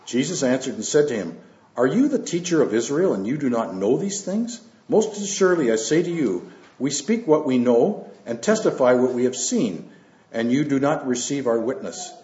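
A man preaching as a pastor and reading scripture aloud, unhurried, with fillers and asides between the verses. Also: medium pitch, sing-song, dark tone. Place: church. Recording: roomy, dull lo-fi church recording.

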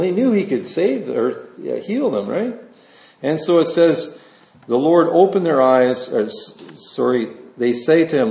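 A man's voice: mid-range voice, lively intonation, unhurried, vocal fry, a little mellow. A man preaching a sermon in a conversational, folksy way, mixing scripture reading with personal asides. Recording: roomy, slightly dull sound.

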